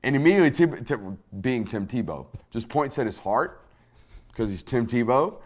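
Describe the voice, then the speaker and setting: Animated, profane male sports podcast host. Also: mid-range voice, moderate pace. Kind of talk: casual sports chat.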